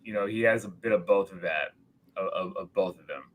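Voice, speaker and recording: A man's voice: sits low, fairly quick, low-quality recording. A man co-hosting a casual livestream chat, speaking hesitantly with many repeated words and restarts. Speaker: podcast co-host.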